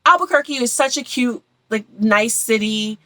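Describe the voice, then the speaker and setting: A woman's voice: a little high, normal speed, sharp tone, dry recording, poor audio. A young woman from Philadelphia chatting casually and enthusiastically about her travels, repeating words for emphasis. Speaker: travel vlogger.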